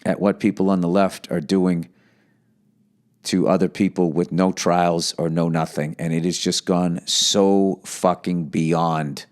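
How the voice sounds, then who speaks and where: Smooth-voiced man ranting on a podcast. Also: sits low, little pitch movement, unhurried, darkish tone. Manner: profane, ranting, sarcastic. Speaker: podcast host reading listener mail. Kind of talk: casual podcast monologue.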